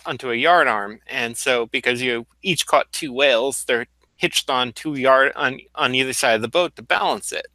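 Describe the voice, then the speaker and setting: A man's voice: medium pitch, pushed and bright, no room sound, poor audio. A man narrating as game master, explaining at length with loose fillers and restarts.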